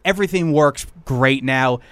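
Chatty male podcast host with a smooth, dry voice. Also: mid-range voice, normal speed, fairly bright tone, no echo. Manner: chatty, rambling with restarts. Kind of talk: casual wrestling podcast chat.

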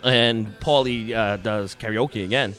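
A man's voice: lowish voice, measured pace, fairly bright tone, soft background music. A man chatting casually among friends, crude and teasing in his remarks. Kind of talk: casual chat.

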